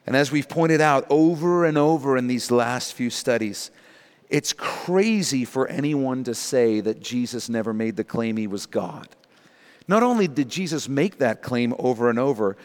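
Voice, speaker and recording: Emphatic preacher with a hall echo. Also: male voice, fairly high pitch. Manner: emphatic, with conversational asides. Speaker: pastor. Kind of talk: sermon teaching through scripture.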